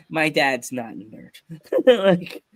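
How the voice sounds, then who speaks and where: A man from Pennsylvania hosting a casual podcast, telling stories with lots of excitement and frequent laughter. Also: on the high side, very slow, no room sound. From Pennsylvania, USA. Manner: excited storytelling, laughs often. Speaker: podcast host.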